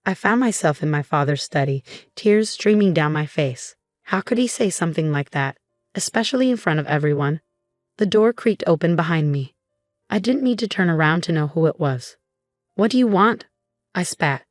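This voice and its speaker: A young woman narrating a first-person story in an even, measured way. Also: deep voice, no room sound, clean studio sound. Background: faint music.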